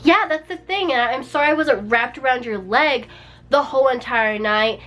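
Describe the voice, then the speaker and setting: A woman's voice: high-pitched, moderate pace, a bit bright. A young woman vlogger telling a personal story in a casual, chatty way, peppered with "like" and small laughs. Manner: chatty, many "like"s and little laughs.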